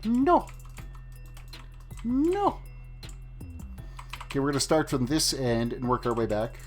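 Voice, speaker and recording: A man's voice: mid-range voice, steady tone, fast talker. A man chatting casually with his viewers on a live stream while playing, rambling and talking things through. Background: faint music and keyboard typing.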